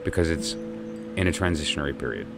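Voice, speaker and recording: A man's voice: a bass voice, expressive, fast, creaky, over loud music. A middle-aged man, a tarot reader, telling a personal story in a reflective, meandering monologue with many restarts and fillers. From New York.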